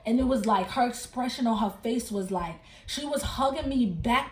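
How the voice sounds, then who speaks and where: A woman's voice: fairly high pitch, normal speed, hardly any pauses, a little mellow, echoey room. A woman who hosts a tarot channel, casually telling the story of a dream in an emphatic way, repeating and rephrasing herself as she goes. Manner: emphatic and repetitive, circling back to rephrase. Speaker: tarot reader and channel host.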